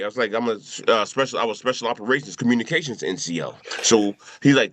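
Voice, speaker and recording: A man's voice: mid-range voice, animated, fast, few pauses, fairly bright tone, no echo. A middle-aged man telling a loose, profane story among friends, repeating his phrases as he goes. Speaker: show crew member telling a memorial story.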